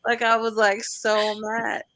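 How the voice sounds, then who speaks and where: A woman on a live book discussion panel, talking in an animated, blunt way and swearing freely. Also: mid-range voice, measured pace, dry recording.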